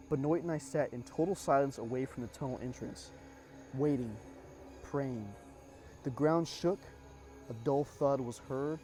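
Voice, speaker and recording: A man narrating a first-person horror story in a measured, suspenseful way, dropping casual asides. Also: mid-range voice, mellow.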